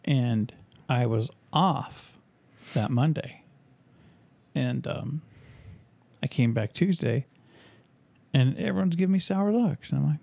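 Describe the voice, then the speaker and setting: A man hosting a podcast, casually telling an animated story and acting out the voices of people in it. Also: mid-range voice, measured pace, creaky, pauses often, dry recording. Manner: animated anecdote telling, acts out quoted voices. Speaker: podcast host and author.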